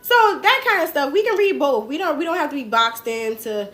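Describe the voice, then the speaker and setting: A woman's voice: sits high, big pitch swings, brisk, a bit bright. A woman hosting a political livestream in casual chat, rambling and talking in dialect to her viewers. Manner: chatty, rambling, speaks in dialect.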